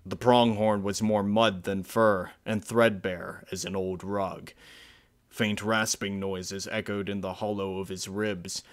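A man narrating a dark fan-fiction story in a measured, grave storytelling manner. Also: fairly low pitch, flat delivery. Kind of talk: dramatic fan-fiction reading.

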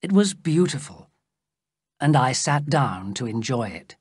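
A woman reading a classic adventure story aloud in a slow, careful, expressive way, as scripted narration for English learners. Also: very deep voice, breathy edge, no echo, clean studio sound.

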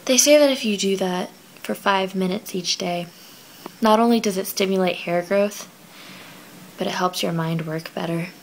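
A woman's voice: medium pitch, moderate pace, gravelly, a little hiss or hum, poor audio. A young woman vlogging late at night from her bedroom, rambling and giggly, a little out of breath. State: slightly out of breath. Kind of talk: casual late-night vlog.

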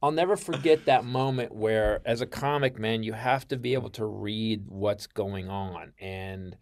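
A man with an American accent, a comedian telling stories in a casual interview, swearing freely and acting out quoted lines loudly and high. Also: a little slow. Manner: profane, excitable, acts out quotes with big jumps in pitch and loudness. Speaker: comedian guest. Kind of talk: animated storytelling in casual interview.

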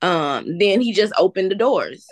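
A woman's voice: mid-range voice, big pitch swings, measured pace, slight background noise. A woman from the American South, a guest entrepreneur, telling her story earnestly with faith in God. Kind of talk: casual interview talk.

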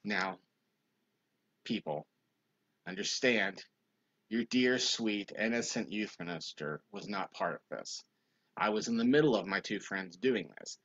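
A young man with a fairly low voice tells a funny story in a relaxed livestream. He is a youth minister who jumps into high, loud voices when he quotes people. The sound is dull and lo-fi.

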